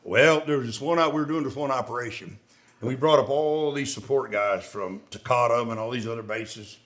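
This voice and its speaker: A man's voice: mid-range voice, a little fast. A middle-aged man, a veteran co-host, telling war stories in casual chat and acting out the dialogue in a raised voice. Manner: animated, profane, acts out dialogue in raised voice. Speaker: podcast co-host, Marine veteran.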